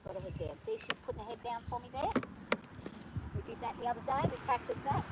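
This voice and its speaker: A woman vlogging from horseback on her farm, talking nervously and gently soothing her horse. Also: on the high side, fairly quick, long pauses, heavy background noise. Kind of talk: casual spoken vlog.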